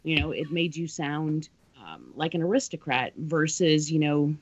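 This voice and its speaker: A man's voice: on the high side, animated, normal speed, no room sound. Explanatory man chatting, dry close sound, dull lo-fi audio. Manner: explanatory, knowledgeable about voice training. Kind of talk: casual chat.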